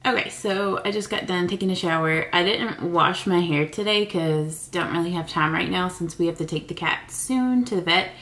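A woman's voice: lowish voice, moderate pace, hardly any pauses, a bit bright, roomy sound. A woman narrating her day in a casual vlog at home, chatty and full of "like" and side remarks. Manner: chatty, sprinkled with "like" and trailing asides. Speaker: vlogger.

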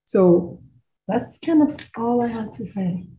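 A woman physician speaking on a panel discussion, animated and acting out the greetings she quotes. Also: on the high side, slow, roomy sound, crowd noise, low-quality recording.

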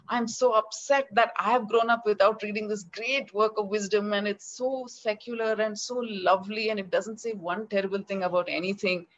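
A middle-aged woman with an Indian English accent tells a story in an interview and acts out each line of quoted dialogue. Her pitch sits in the middle for a woman. The video-call audio is slightly dull and lo-fi. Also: fairly even intonation, brisk, few pauses. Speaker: children's author.

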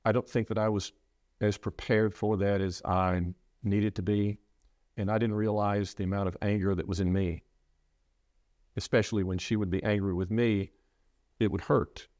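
Low-voiced earnest preacher man. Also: little pitch movement, a little mellow, no room sound, studio quality. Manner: earnest, halting with repeated restarts. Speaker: preacher sharing his loss. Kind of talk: reflective interview talk.

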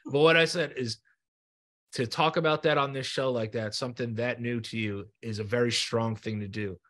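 Hosting a heartfelt interview podcast, a man speaks earnestly and encouragingly, often repeating himself and swearing without restraint. His medium-pitched voice is steady and a bit bright, at normal speed.

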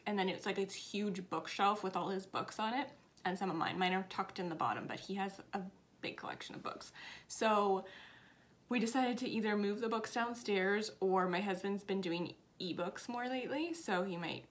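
A woman in her thirties talks casually to her viewers about cross stitch from her home office. She rambles through side stories and pokes fun at herself, her voice sitting in an ordinary middle pitch. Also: a bit bright. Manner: rambling, self-deprecating, chatty asides. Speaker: cross stitch video host. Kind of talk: casual chatty vlog.

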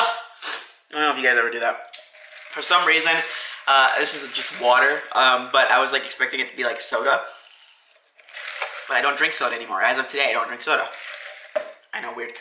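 Bright, chatty young man food vlogging. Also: mid-range voice, reverberant, slight background noise, rough recording. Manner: chatty, enthusiastic, lots of fillers. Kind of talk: casual food review vlog. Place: restaurant, indoors. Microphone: phone camera, no tripod.

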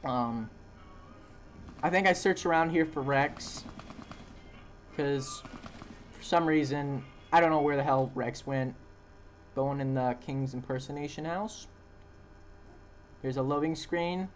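A man's voice: fairly high pitch, slow, pauses often, slight background noise. A young man casually narrating a recorded video game session, rambling and correcting himself as he goes. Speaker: gameplay narrator. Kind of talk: casual let's-play voice-over. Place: home room with dogs.

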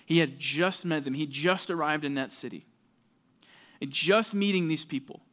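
A man's voice: on the high side, moderate pace, a bit bright. A man preaching a sermon as pastor, conversational and earnest, with frequent fillers like "right" and "like".

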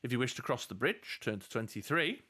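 A man's voice: medium pitch, a little fast, husky. A man reading a fantasy gamebook aloud as game master, with jokey asides. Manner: steady storytelling with jokey asides. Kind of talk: narrating a gamebook live play.

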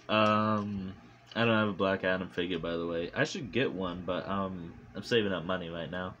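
A man reviewing a movie in a casual vlog, rambling and animated, full of fillers and swearing, recorded on a phone. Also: low voice, normal speed, muffled recording, a little hiss or hum.

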